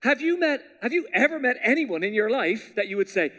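A man preaching a sermon as pastor, in a conversational style that drops to hushed tones for scripture. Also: very high-pitched, big pitch swings, a little fast.

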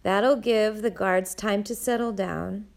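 Bossy boy, self-assured, firm, decisive, gravelly, woman reading, audiobook. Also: mid-range voice, steady tone, takes it slowly. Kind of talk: audiobook narration.

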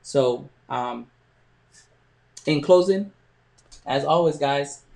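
Halting man telling a motivational story. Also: a little high, creaky, a little mellow. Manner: halting, with frequent pauses and restarts. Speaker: podcast host.

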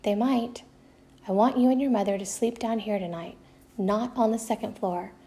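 A woman's voice: mid-range voice, steady tone, normal speed, dark tone, close to an everyday voice. A woman reading the lines of a tired, grave father reassuring his son. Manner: grave, weary.

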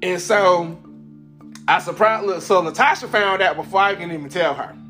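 Animated high-voiced man telling a story. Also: normal speed, soft background music. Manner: animated, laughs often, acts out quoted voices. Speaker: podcast host. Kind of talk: casual storytelling.

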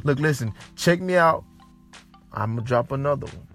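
A man hosting a motivational talk, emphatic and repetitive, swinging from hushed, slow lines to shouted calls for the listener to repeat after him. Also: medium pitch, lively intonation, faint music behind. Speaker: motivational speaker and show host.

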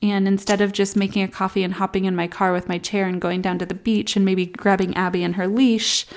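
A woman in her thirties talks openly in a casual vlog about life as a new mom. Her delivery is reflective and candid, sometimes close to tears. It sounds like personal chat aimed at her followers. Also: medium pitch. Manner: candid, reflective, soft baby talk asides. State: emotional, near tears at times.

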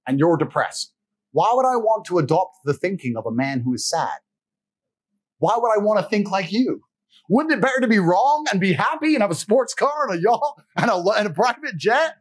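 Husky, lively-voiced man lecturing bluntly. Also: high voice. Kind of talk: forceful monologue.

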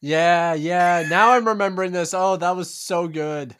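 A man's voice: high voice, fairly even intonation, measured pace, a bit bright, clear, resonant tone. A man co-hosting a casual chat podcast, joking and teasing in wry banter. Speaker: podcast co-host.

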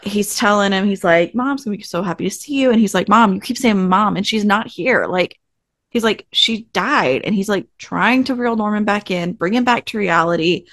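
A woman's voice: mid-range voice, animated, moderate pace, a bit bright, no room sound, studio quality. A woman co-hosting a podcast, casually retelling TV episode scenes and acting out the characters' lines. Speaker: podcast co-host. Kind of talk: casual recap chat.

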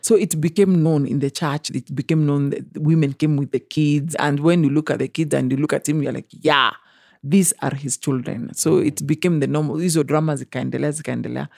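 Woman, Kenyan accent, young adult, personal storytelling, mellow tone, dry recording. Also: sits low, a little fast, creaky, no room sound. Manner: animated, acts out quoted voices, mixes in Swahili. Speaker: interview guest.

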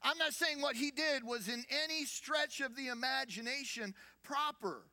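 A man's voice: very high-pitched, normal speed, pushed and bright. A man preaching as a senior pastor, conversational, with rhetorical questions and repeated phrases. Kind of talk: sermon.

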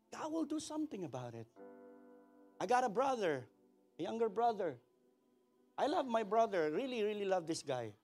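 Filipino pastor guy preaching, high pitched and kinda raspy, animated, mixes english and tagalog. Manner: animated, calls for responses from the congregation; switches between English and Tagalog mid-sentence. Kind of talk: sermon.

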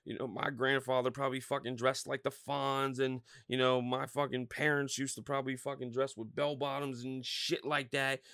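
A man's voice: mid-range voice, normal speed, few pauses, smooth, no echo, clean studio sound. A man in his thirties hosting a podcast, ranting casually with lots of swearing and filler words. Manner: profane, animated ranting with frequent fillers. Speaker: podcast host. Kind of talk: casual rant.

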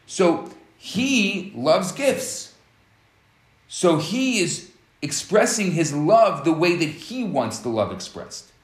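A man's voice: sits high, roomy sound. A man giving a relationship teaching talk who explains step by step and acts out scenarios.

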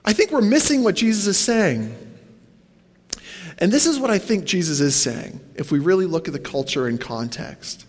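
Man pastor, slightly high voice, chatty sermon, long church echo. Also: sing-song, moderate pace. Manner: conversational, asks the congregation questions, goes off on tangents.

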